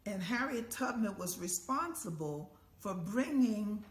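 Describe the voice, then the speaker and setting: An older woman telling a story as an elder, lively and acting out the voices and chants of the people in it. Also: mid-range voice, unhurried. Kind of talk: oral storytelling. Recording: echoey room with faint ambience.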